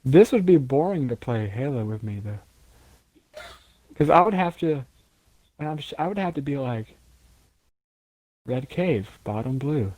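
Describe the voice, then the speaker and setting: A man co-hosting a casual podcast, who usually talks quickly and stutters. He is trying to slow his speech down and pronounce each word on purpose. His voice is recorded on a dry, close mic. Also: on the high side, expressive, darkish tone, dry recording. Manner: stutters, talks fast, deliberately slowing down. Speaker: podcast co-host. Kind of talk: casual chat.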